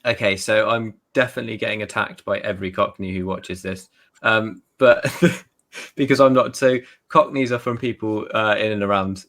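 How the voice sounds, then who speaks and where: A man's voice: on the low side, steady tone, moderate pace, fairly bright tone. A British man, a guest author on a video call, explaining things in a chatty way with examples. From United Kingdom. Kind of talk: casual video chat.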